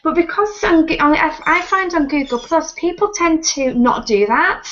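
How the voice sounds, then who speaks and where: A woman with a Northern English accent, croaky from a sinus infection, chatting emphatically as a guest on a video call. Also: very high voice, animated, moderate pace, a bit bright, highs cut off. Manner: emphatic, chatty, repeats "actually". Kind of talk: casual video-call chat.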